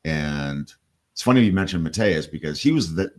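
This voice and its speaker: Deep-voiced man telling rambling stories. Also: animated, moderate pace. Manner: rambling storyteller, swears casually. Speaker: guest musician and producer. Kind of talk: casual radio studio chat.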